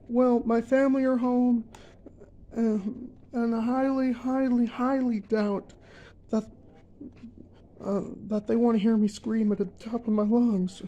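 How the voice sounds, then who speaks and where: A young man ranting in a vlog, emphatic and repetitive, filling pauses with uh and um. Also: very high-pitched, steady tone, dark tone, highs cut off. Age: young adult. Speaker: vlogger.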